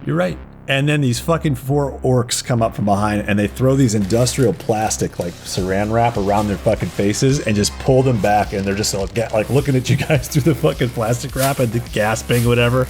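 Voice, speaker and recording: A man running a tabletop role-playing game, narrating in a casual, profane way at an ordinary pitch. He laughs often between lines. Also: normal speed, few pauses, a little mellow. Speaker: game master.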